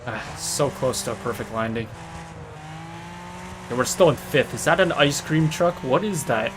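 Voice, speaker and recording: Rambling man over loud racing game. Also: medium pitch, normal speed, noisy background. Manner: rambling, excitable, says "dude" often. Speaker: gamer. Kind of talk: casual gameplay commentary. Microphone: desktop mic near a noisy computer.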